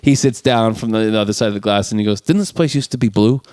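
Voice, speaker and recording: Man, podcast co-host, lively film recap, dry close sound. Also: lowish voice, quick pace, no room sound. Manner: animated retelling, acting out quotes with laughs. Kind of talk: casual chat recapping a film.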